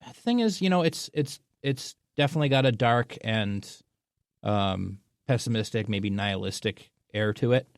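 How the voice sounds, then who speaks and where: A man's voice: fairly low pitch, lively intonation, moderate pace, clean tone, dry recording, clean studio sound. A man in a casual panel chat, speaking hesitantly and often repeating words as he searches for phrasing.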